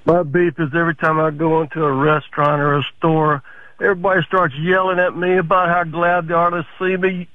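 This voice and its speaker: High-voiced male caller on a tinny phone. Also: level tone, fairly quick, no room sound. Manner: blunt, irritated ranting. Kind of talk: phoned-in complaint.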